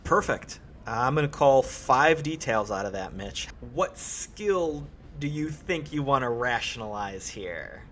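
A man in the game master's seat, guiding players with quick, encouraging rulings and a middle-pitched voice. A faint hiss of noise sits under his voice. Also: very animated, fairly bright tone. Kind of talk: running a tabletop game.

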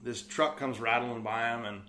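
There's a little hiss or hum as a young man with a Californian accent speaks at a moderate pace, his medium-pitched voice steady and sharp. The guest, who runs an outfitter business, rambles through a casual hunting story, leaning on "like" and performing the quotes.

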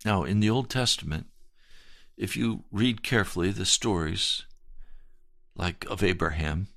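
A man's voice: deep voice, measured pace, vocal fry, a bit bright, dry recording, studio quality. A male pastor telling his personal testimony in a sermon, earnest and storytelling, with dramatic swells.

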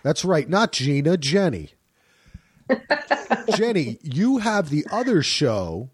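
A man from New Jersey hosting a casual group chat over a call, lively and quick to laugh. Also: on the high side, breathy edge, dry recording. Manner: lively, animated, laughs easily. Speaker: podcast host. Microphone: home microphone on a call.

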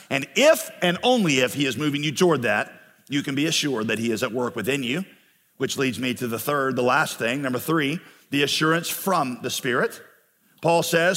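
Earnest pastor preaching in a reverberant hall. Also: male voice, on the high side, a bit bright. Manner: earnest preaching, rising passion on key phrases. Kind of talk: sermon. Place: church sanctuary.

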